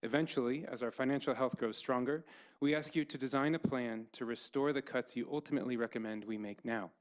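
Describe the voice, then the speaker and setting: A man, an elementary school principal, reading a measured, formal statement to a school board. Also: mid-range voice. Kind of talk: prepared statement read aloud. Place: school board meeting room.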